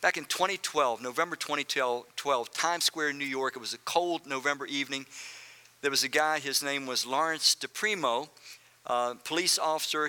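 A man's voice: a little high, pushed and bright, clean tone. A male pastor preaching a sermon, speaking earnestly and directly to his congregation and repeating phrases for emphasis.

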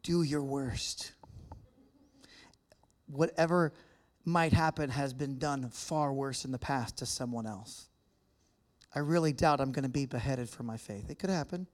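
A man's voice: medium pitch, moderate pace. A man from the United States giving a casual, joking talk to a church audience and chatting with people in the room. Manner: chatty, joking, interacts with the crowd. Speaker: guest speaker. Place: church hall with a live audience.

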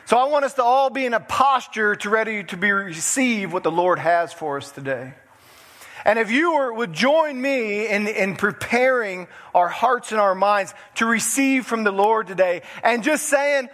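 A man's voice: high voice, lively intonation, moderate pace, fairly bright tone, big-room sound. A man, a pastor preaching a folksy sermon in a church. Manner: folksy, chuckles through the story. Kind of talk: sermon with storytelling. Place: church sanctuary.

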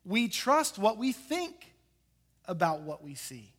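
A man preaching a sermon, retelling a scripture story in an animated way and acting out the characters. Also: sits high, slow, husky. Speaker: pastor.

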